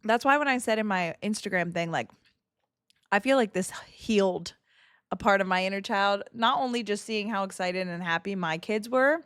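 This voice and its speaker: A woman in her thirties chatting casually on a livestream, excitable and emotional, swearing freely and laughing often. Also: medium pitch, no echo, studio quality. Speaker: streamer.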